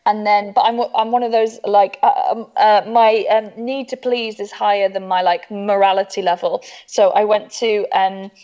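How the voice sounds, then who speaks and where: A woman's voice: mid-range voice, flat delivery, moderate pace, hardly any pauses, warm tone, highs cut off. A woman telling self-deprecating stories in casual chat over a video call, with lots of fillers. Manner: self-deprecating storytelling, chatty, many fillers. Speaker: comedian guest.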